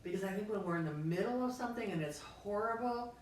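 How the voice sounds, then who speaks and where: A woman's voice: mid-range voice, lively intonation, fast. A woman co-hosting a casual talk, thinking aloud in a reflective way with lots of fillers. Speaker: podcast co-host. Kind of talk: casual conversation. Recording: echoey room from far off, faint noise.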